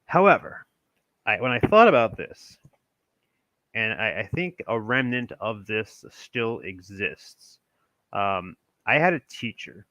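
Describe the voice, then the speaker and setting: Young Maryland man, casual rambling host, bright low-ish voice, dry close recording. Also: dry recording. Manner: rambling, many restarts and chuckles. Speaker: channel host. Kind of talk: casual commentary reading from an old text.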